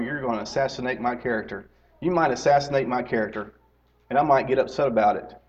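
A man's voice: mid-range voice, darkish tone. Middle-aged guy preaching to his church, chatty, repeats himself, asks the crowd stuff, kinda dull lo-fi sound. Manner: conversational, repeats key phrases, asks questions. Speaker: lay preacher and teacher. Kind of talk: sermon. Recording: slightly dull lo-fi recording.

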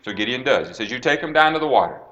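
A man preaching, retelling a Bible story with dramatic swings between hushed and raised delivery and acting out the quoted lines. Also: mid-range voice, expressive, rapid-fire, highs cut off. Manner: dramatic storytelling, acts out quoted lines, drops to a hush then rises.

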